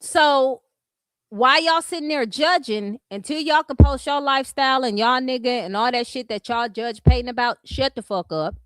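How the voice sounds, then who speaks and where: A YouTube commentary host from California, speaking with a Californian accent, rants bluntly and profanely at trolls on her vlog. Her voice is high-pitched, her pace normal, and the recording dry.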